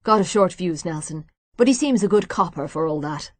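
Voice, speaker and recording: A woman's voice: lowish voice, animated, a little fast, no room sound. Woman doing a hearty Irish man. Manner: cheerful, hearty. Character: jovial Irish man, archaeologist.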